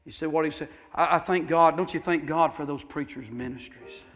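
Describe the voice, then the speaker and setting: A man's voice: fairly high pitch, fairly quick, a bit bright, faint music behind. A male pastor preaching a sermon, telling folksy stories with fervor and repeating his phrases.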